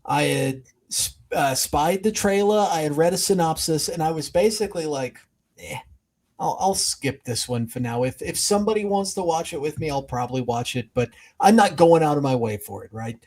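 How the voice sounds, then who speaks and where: A man's voice: fairly high pitch, lively intonation, normal speed, darkish tone. A man voicing a brash, flirty demon puppet. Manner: jokey, flustered, trails off into laughs. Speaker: puppet co-host. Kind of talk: comedic podcast chat.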